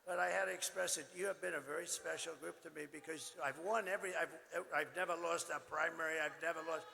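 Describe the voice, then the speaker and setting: An older man giving a rambling, boastful campaign rally speech in a hoarse, strained voice, breaking into shouts. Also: a little high, fairly even intonation, fast. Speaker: political speaker at a rally. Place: large indoor arena. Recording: long arena reverb, faint ambient noise.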